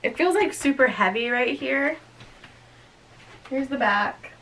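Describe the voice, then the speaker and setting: A woman's voice: high-pitched, expressive, takes it slowly, a bit bright, poor audio. A young woman chatting casually through a clothing unboxing and try-on, giggling often and talking to herself as she goes. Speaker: vlogger reviewing a clothing box.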